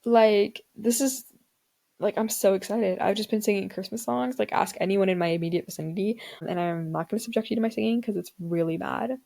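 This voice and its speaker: On her own podcast, a teen girl from an Indian family speaks a little fast in a mid-range voice, dark in tone with vocal fry. Her chat is loose and dramatic, packed with filler words.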